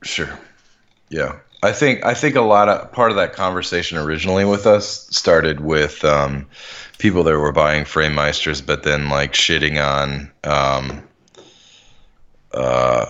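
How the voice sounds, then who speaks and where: A man with a very deep voice co-hosting a casual podcast, relaxed and agreeable. His audio sounds dull and lo-fi. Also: a little slow, clean tone. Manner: relaxed, agreeable, chimes in with short backchannels. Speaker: podcast co-host.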